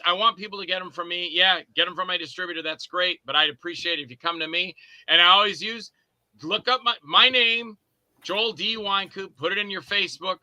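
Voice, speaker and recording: Bright, high-voiced man telling rambling stories. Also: no room sound. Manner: rambling storyteller who acts out both sides of conversations. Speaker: podcast guest, indie filmmaker and actor. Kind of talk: casual chat.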